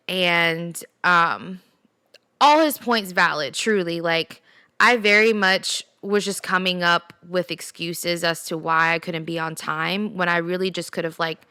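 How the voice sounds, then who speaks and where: A woman's voice: fairly low pitch, pushed and bright, smooth, no room sound. A young adult woman hosting a solo podcast, telling a personal story in a candid, chatty way. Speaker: podcast host. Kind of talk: solo casual podcast talk.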